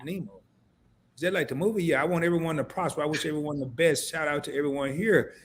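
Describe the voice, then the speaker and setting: A man's voice: fairly high pitch, fast, a little hiss or hum. A man hosting a live stream, reading viewer comments aloud and joking with his co-host in casual banter.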